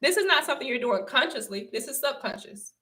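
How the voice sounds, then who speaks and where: Her voice sits high, with lively intonation and a sharp tone, and she talks fast. She's a young adult Southern US woman running a casual livestream, repeating points emphatically to viewers and laughing a lot.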